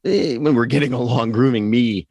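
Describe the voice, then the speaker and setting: A man's voice: medium pitch, normal speed, a little mellow, no room sound, highs cut off. A man in his forties from Pennsylvania, a financial advisor telling his career story in a rambling, conversational way as an interview guest. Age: 40s. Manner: rambling, conversational, with self-corrections.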